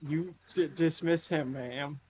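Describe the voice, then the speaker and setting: A man's voice: a little high, fairly even intonation, slow pace, a little mellow, a little hiss or hum. A man playing along on a game stream, joking and teasing in casual banter. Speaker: co-op player on stream. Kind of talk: casual gaming chat. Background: faint game music.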